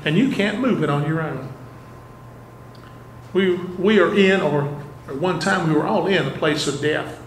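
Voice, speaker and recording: Male pastor, fairly high voice, earnest sermon delivery, roomy church echo. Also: slight background noise. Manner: asks the congregation rhetorical questions, earnest. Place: church sanctuary. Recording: echoey church room, faint ambience.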